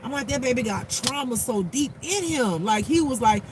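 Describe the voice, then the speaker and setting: Man, very high voice, animated blunt storyteller, lots of cursing, clear traffic noise outside. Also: normal speed. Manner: animated, blunt, heavy swearing; acts out quotes in a raised voice. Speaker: spiritual life coach. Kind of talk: casual storytelling monologue. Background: passing cars and street noise.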